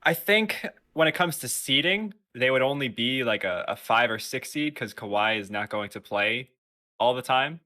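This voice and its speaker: A young man co-hosting a casual podcast, giving a measured breakdown of a basketball question. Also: mid-range voice, expressive, pushed and bright. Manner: measured sports analysis. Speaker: podcast co-host. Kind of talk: casual chat.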